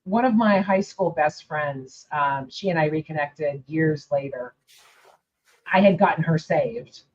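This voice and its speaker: Low-voiced woman on dull lo-fi audio. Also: measured pace, darkish tone, a little hiss or hum. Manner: reflective, acts out quoted dialogue. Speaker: podcast host. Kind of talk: casual conversation.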